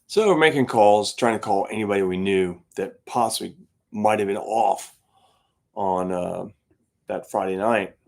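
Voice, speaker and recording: A man's voice: on the low side, measured pace, vocal fry, a little mellow. A man hosting his own channel and chatting casually as a gigging guitarist, telling stories with lots of fillers and laughs. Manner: rambling storyteller with many fillers and laughs. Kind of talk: casual chat to a live stream audience.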